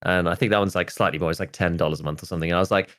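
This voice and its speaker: A man's voice: low voice, fairly even intonation, racing, fairly bright tone. A man in his thirties, a podcast host chatting casually and rambling, with lots of "like" and restarts. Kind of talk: casual chat.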